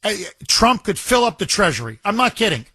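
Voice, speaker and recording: A man hosting a call-in talk radio show, talking in an excitable, rambling and emphatic way. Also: sits high, fairly quick, no room sound. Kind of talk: talk radio, taking calls. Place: radio studio. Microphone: studio microphone.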